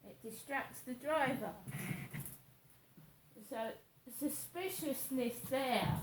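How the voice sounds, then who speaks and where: A woman, rambling through a slow, repetitive story about her morning while she vlogs in her flat. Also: a little high, roomy sound, distant mic, a little hiss or hum, poor audio. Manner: slow, repetitive, anxious retelling. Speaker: vlogger.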